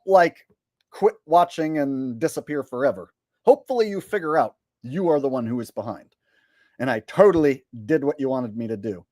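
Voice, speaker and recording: A man's voice: mid-range voice, a little mellow, no room sound, studio quality. A man hosting a livestream, reading viewer messages in a sarcastic, rambling way with stammers. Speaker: livestream host.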